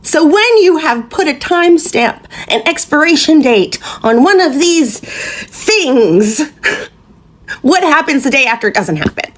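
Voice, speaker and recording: A woman's voice: sits high, big pitch swings, measured pace. A woman giving commentary through pointed rhetorical questions.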